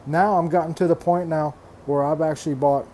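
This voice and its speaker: A man's voice: a little high, steady tone, fairly quick, dark tone, slight background noise. An older man venting bluntly and with exasperation on his hobby vlog, swearing freely and restarting his phrases. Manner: repeats himself, restarts phrases. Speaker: reef aquarium hobbyist vlogger. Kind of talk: frustrated casual rant.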